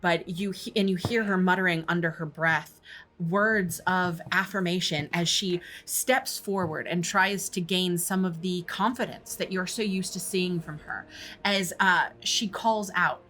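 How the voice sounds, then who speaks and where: A woman's voice: lowish voice, measured pace, a bit bright. A woman narrating as game master of a horror tabletop game, describing scenes with frequent fillers.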